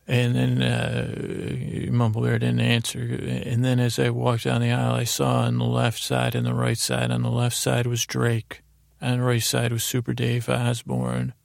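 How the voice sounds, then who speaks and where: A man's voice: medium pitch, completely flat delivery, moderate pace, vocal fry, no room sound. A man hosting a sleep story, telling a dream in a meandering way with many fillers and restarts, close to the mic. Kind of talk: rambling bedtime storytelling.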